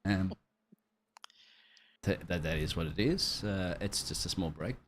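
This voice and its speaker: A male co-commentator with a fairly low voice on a sim racing stream. He chats loosely and jokes with his partner. A faint hiss runs behind his voice. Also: animated, a little slow. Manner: chatty, joking banter.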